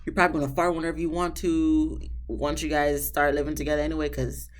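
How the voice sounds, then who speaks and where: A woman hosting a casual reality TV recap, chatty and opinionated. She addresses the couples directly and jumps to a high, emphatic pitch when she does. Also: little pitch movement, quick pace. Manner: talks straight to the people on the show, laughing at her own asides. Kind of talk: casual episode recap commentary.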